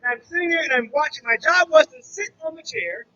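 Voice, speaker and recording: A man's voice: very high voice, lively intonation, a little fast, bright, forceful tone, muffled recording. A man, a former drug trafficker turned youth mentor, telling his personal testimony to a church audience and acting out the dialogue as he goes. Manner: earnest storytelling that acts out dialogue.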